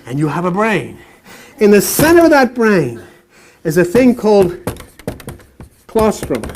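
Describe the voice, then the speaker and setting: An impassioned preacher talks bluntly and repeats phrases for emphasis, mixing scripture with earthy slang. The voice sits at an ordinary middle pitch and drops to low murmurs before rising again into loud outbursts. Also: slight background noise. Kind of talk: impassioned sermon.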